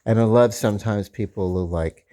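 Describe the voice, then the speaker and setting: A man's voice: fairly low pitch, moderate pace, mellow. A man with a Southern accent, rambling casually through a video, full of fillers and restarts. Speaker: comic book vlogger.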